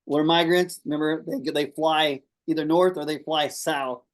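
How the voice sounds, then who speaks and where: A man's voice: fairly high pitch, fairly even intonation, normal speed. Emphatic man co-hosting a chat show. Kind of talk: casual online talk show chat.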